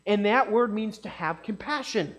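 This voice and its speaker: A man's voice: sits high, lively intonation, normal speed, a bit bright. A man preaching a casual sermon in a conversational way, often checking in with his listeners.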